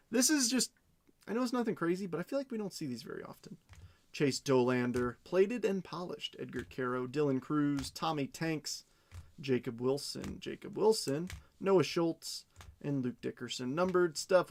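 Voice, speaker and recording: A man hosting a live card-breaking stream, reading off pulls quickly and chatting with his viewers. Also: mid-range voice. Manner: rapid rundown of cards, chatting with viewers.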